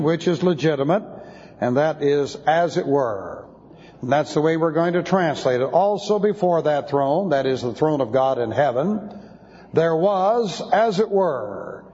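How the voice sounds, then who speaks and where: A man's voice: fairly high pitch, darkish tone. A man teaching an expository sermon, spelling out Greek words letter by letter. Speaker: Bible teacher. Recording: dull lo-fi sound with long hall reverb.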